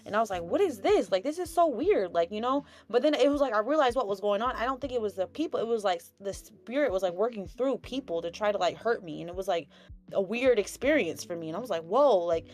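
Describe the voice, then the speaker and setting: A young woman hosting a casual spiritual chat, rambling with many fillers and telling stories in an animated way. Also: medium pitch, quick pace. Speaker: host.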